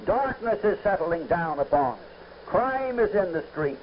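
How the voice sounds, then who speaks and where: A man's voice: sits high, lively intonation, unhurried, muffled recording, slight background noise. A man preaching a fervent radio sermon with a repetitive preaching cadence, on an old radio broadcast.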